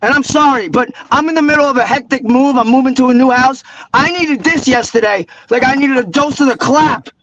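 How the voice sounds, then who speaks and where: A man's voice: very high voice, fairly quick, hardly any pauses, a bit bright, dull audio. A man with a New York accent calling in to a sports podcast, ranting with profanity and sarcasm. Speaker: caller. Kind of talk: angry call-in rant.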